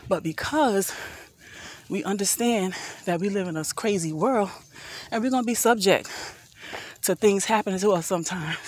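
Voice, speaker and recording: A woman in her fifties with an earnest, preachy way of talking, a little out of breath as she walks uphill outdoors and talks into a phone. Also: mid-range voice. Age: 50s. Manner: preachy, earnest, addresses viewers as family. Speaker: vlogger. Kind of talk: motivational walk-and-talk vlog. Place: outdoors walking up a hill.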